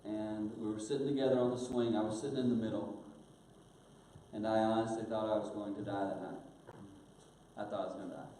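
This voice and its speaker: An older man telling a personal story in a sermon, earnest, growing hushed at painful moments. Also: lowish voice, flat delivery, fairly quick. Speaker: guest speaker. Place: church auditorium. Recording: very echoey church hall, faint hiss.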